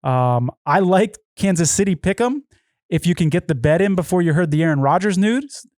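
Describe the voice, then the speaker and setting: A man co-hosting a sports podcast, rattling through point spreads and betting trends. His voice sits a bit high for a man, and the recording is dry and close. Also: expressive, normal speed, a little mellow, no room sound. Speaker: podcast co-host. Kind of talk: casual sports betting chat.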